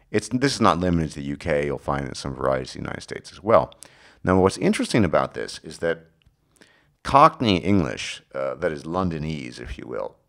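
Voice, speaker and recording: A hoarse man giving an unscripted video lecture, explaining at a halting pace with frequent restarts and self-corrections. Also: extremely low pitch.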